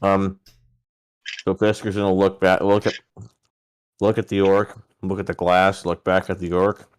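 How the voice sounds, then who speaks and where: Smooth-voiced man playing a tabletop game. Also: deep voice, monotone, unhurried. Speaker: player. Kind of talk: casual tabletop game chat.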